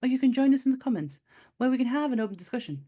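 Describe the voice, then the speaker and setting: Talking rapid-fire, this giggly podcast host has a bouncy, sing-song voice that rises and falls with energy. Her manner is easygoing and chatty, with frequent bursts of laughter.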